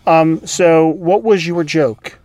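A man's voice: on the high side, slow pace, darkish tone, poor audio. A man who is a podcast guest, chiming in during casual chat with teasing, joking remarks. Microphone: studio microphone.

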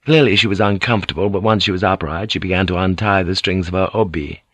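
A man reading an audiobook aloud in a measured, even storytelling manner. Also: sits low, husky, no room sound. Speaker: audiobook narrator. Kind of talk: scripted audiobook narration.

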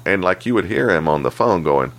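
Very deep gravelly-voiced man. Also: a little fast. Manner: profane, animated storytelling. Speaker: podcast co-host. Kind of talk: casual chat.

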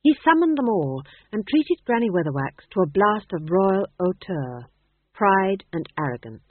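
Woman narrating in a tinny, lively voice. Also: mid-range voice, normal speed. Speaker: audiobook narrator. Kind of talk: scripted narration. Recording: tinny phone-like dry sound.

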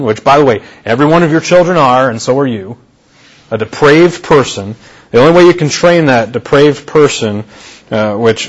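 A male pastor preaching a sermon in a conversational way, repeating key phrases for emphasis. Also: mid-range voice. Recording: dull lo-fi sermon recording.

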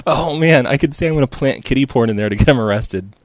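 A man hosting a prank call show, chatting casually with friends and laughing often between calls. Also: mid-range voice. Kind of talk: casual chat and prank calling.

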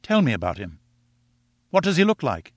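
A man's voice: medium pitch, wildly swooping pitch, moderate pace, no room sound, studio quality. A man reading aloud voices an earnest, lovestruck young man who pleads eagerly with the woman he loves.

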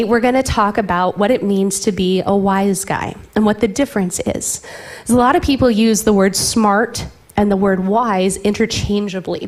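A woman's voice: mid-range voice, darkish tone. A woman in her thirties preaching a sermon, telling playful family stories and dropping into whispers for effect. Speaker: pastor.

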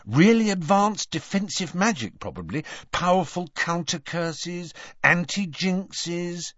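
A man voicing a frantic, anxious bookish teenage girl in an audiobook reading, high-pitched and breathless. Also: animated, slow, fairly bright tone, no echo, dull audio, heavily acted. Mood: eager.

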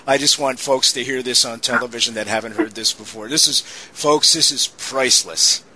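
A man's voice: mid-range voice, fairly even intonation, moderate pace, crowd noise, rough recording. A man hosting a paranormal radio talk show, enthusiastic and speaking to listeners directly.

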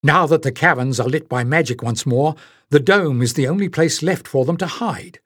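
A man's voice: fairly high pitch, moderate pace, fairly bright tone, breathy edge, no room sound, clean studio sound. A man reading an audiobook voices an earnest, brave young male hero with an urgent, raised voice. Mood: thoughtful.

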